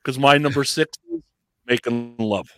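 A man co-hosting a casual chat, talking in a drawn-out, explanatory way. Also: mid-range voice, a bit bright, no echo. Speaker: podcast co-host.

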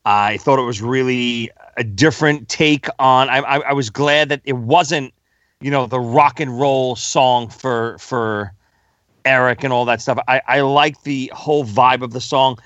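A man's voice: medium pitch, fairly even intonation, a little slow, fairly bright tone, no room sound. Man, podcast co-host, rambling with restarts, dull lo-fi sound. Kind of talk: casual podcast chat.

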